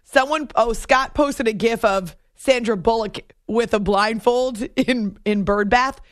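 A woman's voice: a little high, unhurried, no echo. A woman from New Hampshire hosting a sports radio show, chatting casually, laughing often and reading out listener messages. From New Hampshire, USA. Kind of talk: casual late-night radio chat. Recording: dry studio mic.

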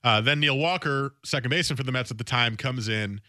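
Male sports talk host, bright tense voice, dry studio mic, chatty and animated with frequent restarts. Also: mid-range voice, fairly quick, dry recording. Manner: conversational, animated, often restarts phrases. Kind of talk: casual sports talk radio monologue. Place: radio studio.

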